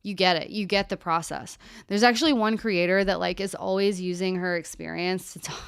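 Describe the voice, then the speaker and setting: A young woman and therapist chatting candidly on her live Q&A stream, with animated asides. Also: fairly low pitch, a little fast, vocal fry, smooth, no echo, studio quality.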